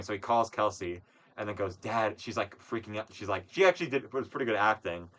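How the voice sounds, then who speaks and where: Young male podcast host, loose rambling storyteller, swears a lot, low and bright. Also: expressive, a little fast. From Wisconsin. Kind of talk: casual chat.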